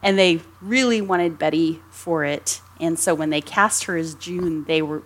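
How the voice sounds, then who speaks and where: A woman co-hosting a casual film discussion, chatty and rambling, giggling often between her points. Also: on the low side. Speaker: podcast co-host.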